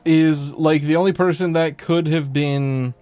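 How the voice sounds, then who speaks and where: A man's voice: on the high side, steady tone, measured pace, dark tone, clean tone, no room sound. A man streaming a game, chatting casually, swearing a lot and talking to the characters on screen, with faint game music behind. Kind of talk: casual gameplay commentary.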